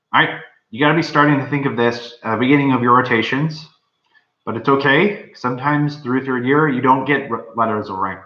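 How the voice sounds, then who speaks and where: A young man, a medical student, giving rambling, informal advice with many fillers. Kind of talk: casual advice talk. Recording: dull, roomy low-fi recording.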